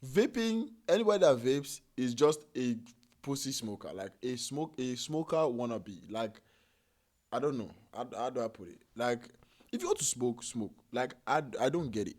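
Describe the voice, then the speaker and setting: A man casually reacting to video clips, rambling and halting as he corrects himself and fills gaps with "like". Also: medium pitch, sing-song, a little mellow.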